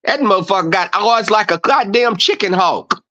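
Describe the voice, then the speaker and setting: On dull lo-fi stream audio, a male livestream host speaks at a moderate pace with a voice that sits high. He chats casually with viewers, cursing as he goes, and animatedly acts out the conversations he quotes.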